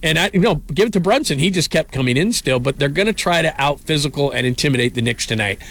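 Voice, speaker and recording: A man's voice: fairly high pitch, fast. A man, once a reporter at basketball finals, talking the game over in a casual sports chat and often repeating his first words. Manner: animated, repeats words as he starts sentences. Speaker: sports commentator.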